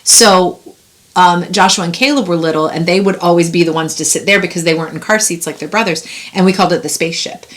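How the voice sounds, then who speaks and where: A middle-aged woman co-hosting a podcast in casual chat, chatty and quick to laugh. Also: on the low side. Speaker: podcast co-host.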